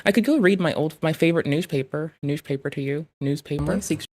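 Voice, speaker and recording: A woman's voice: low voice, fast, darkish tone. A woman streamer chatting casually, rambling and swearing with self-mocking humor while reading old newspaper ads aloud.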